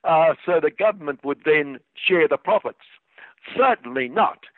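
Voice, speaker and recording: A man's voice: a little high, normal speed, dry recording. Sarcastic man on tinny radio. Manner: dry sarcastic delivery. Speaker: satirical radio commentator. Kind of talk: scripted satirical commentary. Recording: tinny phone-like radio sound.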